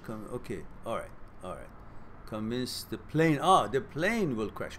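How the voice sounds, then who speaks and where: A man's voice: medium pitch, big pitch swings, a little slow, fairly bright tone, a little hiss or hum. A man hosting a casual live-stream Q&A. He laughs often, teases his viewers and thinks aloud as he talks. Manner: thinks aloud, with fillers and restarts. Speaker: host answering viewer questions.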